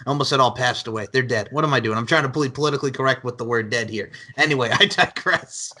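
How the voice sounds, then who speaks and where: A man's voice: mid-range voice, quick pace, bright, forceful tone. A man hosting a podcast in casual chat, rambling with lots of likes and laughing often. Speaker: podcast host.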